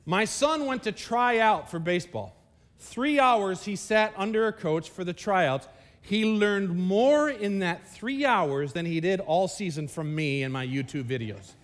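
A man's voice: high-pitched, animated, measured pace. A man preaching a sermon at a church service, talking conversationally and with energy, often turning to the congregation with asides. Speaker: pastor.

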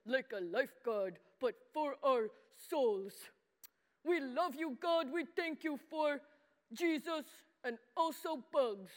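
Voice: high-pitched, bright, forceful tone, heavily acted. An adult voicing a simple, earnest boy puppet who talks in broken childlike grammar and calls himself by name in a children's sermon. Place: church hall. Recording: long church-hall reverb.

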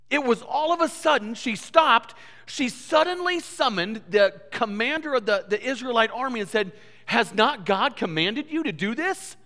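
A man preaching a sermon in a church, telling stories in an animated way and often repeating his words. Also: high-pitched. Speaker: pastor. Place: church sanctuary. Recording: reverberant church hall.

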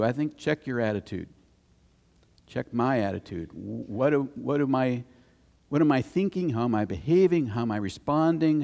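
A man's voice: mid-range voice, vocal fry, dark tone. A male pastor delivers a sermon in an easy, conversational way, trading stories and questions with his congregation. When he reads scripture his delivery climbs and grows emphatic. His mid-range voice carries a long reverb from the church hall. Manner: conversational storytelling preacher, rises to emphatic scripture reading. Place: church sanctuary.

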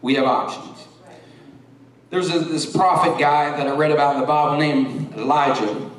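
A middle-aged man preaching a sermon, rambling through stories and then rising into forceful preaching. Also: on the high side, moderate pace. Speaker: pastor. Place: church sanctuary. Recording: echoey church hall from far off.

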